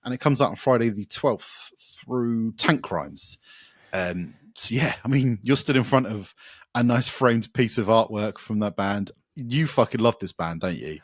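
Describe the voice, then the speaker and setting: A man's voice: fairly low pitch, a little slow, no echo, studio quality. A man co-hosting a podcast, chatting casually and enthusiastically about metal records, rambling with fillers and swearing. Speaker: podcast co-host.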